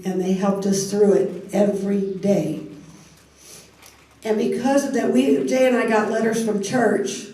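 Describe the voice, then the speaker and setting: A woman, giving a heartfelt personal testimony to a church group, speaking haltingly with restarts. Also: medium pitch, mellow. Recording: echoey hall, heard from a distance.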